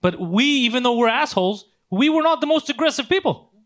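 Fast-talking animated man telling a story. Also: very high-pitched. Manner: animated, profane, acts out quotes. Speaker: podcast co-host. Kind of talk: casual storytelling chat.

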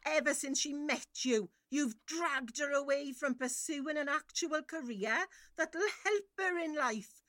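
A woman's voice: high-pitched, a little slow, no room sound, studio quality. A woman playing a furious grieving mother. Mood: enraged. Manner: shouting, tearful accusations. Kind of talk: audio drama acting.

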